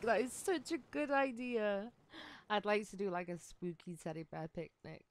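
A woman chatting casually on a game live stream, excitable and giggly, with lots of likes and ums. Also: mid-range voice, moderate pace, faint music behind. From United Kingdom.

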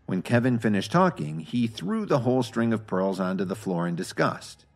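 A man narrating a scripted audio drama with expressive storytelling. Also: lowish voice, normal speed, soft background music.

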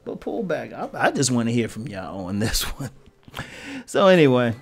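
A man's voice: mid-range voice, sing-song, moderate pace, gravelly. A man hosting his own video channel, talking casually to his audience, laughing often and posing rhetorical questions. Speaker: YouTube host addressing viewers. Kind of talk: casual talking-head commentary.

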